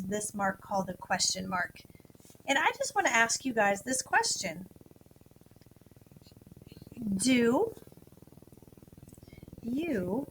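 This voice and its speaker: A woman teaching first graders in a recorded video lesson, speaking slowly and clearly in an encouraging tone. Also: mid-range voice, sharp tone, slight background noise, low-quality recording. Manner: slow, clear, encouraging teacher talk to little kids.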